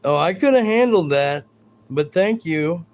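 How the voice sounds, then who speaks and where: A man's voice: a little high, animated, measured pace. A man hosting a live stream, talking to his chat in a combative, profane, ranting way.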